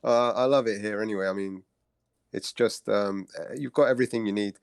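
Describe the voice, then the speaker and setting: A man's voice: on the low side, brisk, vocal fry, clean tone, no echo, studio quality. Laid-back man. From Cyprus, raised in London. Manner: laid-back, hesitant with many ums. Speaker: guest, project co-founder. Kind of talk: casual interview chat over video call.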